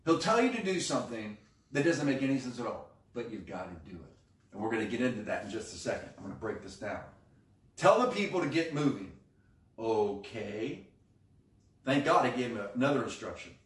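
A male pastor preaching a sermon with animated, emphatic delivery, acting out quoted lines. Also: on the low side, brisk. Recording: echoey room, mic at a distance.

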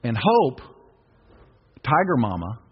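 A middle-aged pastor speaks slowly in a mid-range, sing-song voice with a breathy edge, preaching a sermon in the sanctuary. He exhorts the congregation to repeat phrases to him in call-and-response, captured in a dull, reverberant recording.

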